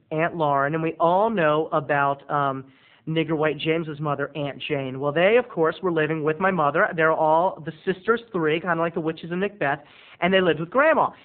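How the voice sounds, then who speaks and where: A camp, excitable man rambling through a funny family story to his webcam. His voice sits on the high side for a man and comes through thin and boxy, like a phone line. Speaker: video blogger. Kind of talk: comic storytelling to camera.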